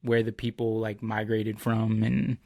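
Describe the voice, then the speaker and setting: A man's voice: fairly low pitch, completely flat delivery, unhurried, dark tone, no echo, studio quality. A young man hosting a podcast, chatting casually and rambling as he searches for words with lots of fillers. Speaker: podcast host. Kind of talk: casual chat.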